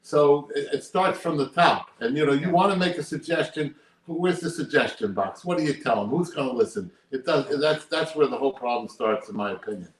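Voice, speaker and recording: A man's voice: medium pitch, fairly quick. An older man, a poker player, talking casually and emphatically in an interview, repeating his points. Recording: roomy echo.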